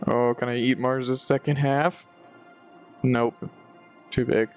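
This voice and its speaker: A young man casually commenting on his gameplay, excitable and playful, shouting at wins and losses. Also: medium pitch, takes it slowly, soft background music. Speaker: gaming video host.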